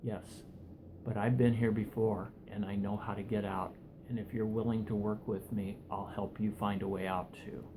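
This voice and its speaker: A man voicing a calm, quiet rescuer. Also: fairly low pitch, moderate pace, noisy background, voice pushed down, close to an everyday voice. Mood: reassuring. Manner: quiet, steady and reassuring. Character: calm male guide who climbs down to help.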